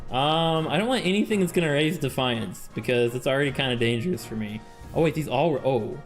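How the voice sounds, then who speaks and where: A man streaming a strategy game, excitable and laughing as he reads the game text aloud and reacts. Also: medium pitch, fairly quick, soft background music. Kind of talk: game-playing commentary.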